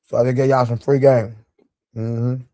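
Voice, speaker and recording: A man's voice: medium pitch, flat delivery, normal speed, dark tone, dry recording. Laid-back man hosting a live chat. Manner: loose, joking, talks straight to his chat. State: sore leg, eating during the stream. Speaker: livestream show host. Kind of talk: casual live-stream chat.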